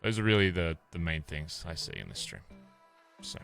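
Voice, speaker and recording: A man's voice: sits low, moderate pace, gravelly, faint music behind. A young Australian man with an Australian accent, chatting casually and swearing as he rants playfully to his stream viewers. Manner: animated, swearing, ranting playfully. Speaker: livestreamer.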